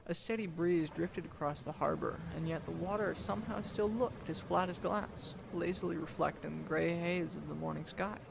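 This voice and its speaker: A young man narrates a first-person tale in a deliberate, dramatic storytelling delivery. His voice sits a bit high for a man, with a gravelly edge and faint noise behind it. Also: steady tone. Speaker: student storyteller.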